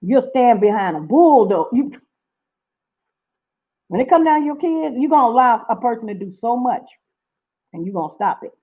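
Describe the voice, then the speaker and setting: A woman's voice: a little high, moderate pace, pauses often, muffled recording. Emphatic middle-aged woman from Seattle. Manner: emphatic, animated, repeats herself. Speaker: vlogger. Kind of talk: casual storytelling to camera.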